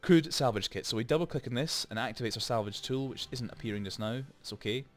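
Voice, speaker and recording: A man's voice: mid-range voice, fast talker, faint music behind. A man hosting a let's play, chatting and rambling through explanations with lots of asides, into a desk microphone. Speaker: gaming channel host.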